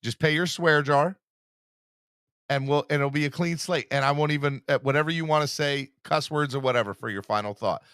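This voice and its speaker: A man hosting a live fan podcast in a casual, teasing, animated way, hyping himself up. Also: on the high side, a little fast, clean tone, no echo, studio quality. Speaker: podcast host.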